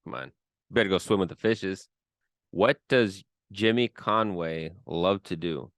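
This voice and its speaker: A man's voice: deep voice, a little slow, fairly bright tone. A man hosting a podcast in casual chat, teasing and quizzing his co-host with amused questions.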